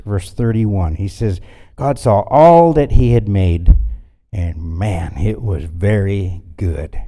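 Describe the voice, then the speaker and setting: A man preaching a sermon in a folksy way, swinging between loud bursts and quiet asides. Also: lowish voice.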